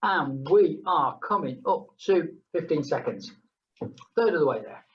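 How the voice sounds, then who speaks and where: A woman's voice: sits low, animated, a little slow, highs cut off. A woman leading a group exercise class, chatting between count-downs and humming playful sounds. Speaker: fitness instructor.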